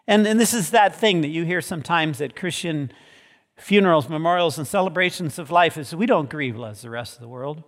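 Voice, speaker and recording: A man preaching a sermon as pastor. He moves from soft, quiet passages to loud, emphatic peaks. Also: on the high side, lively intonation, normal speed. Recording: long reverb of a large hall.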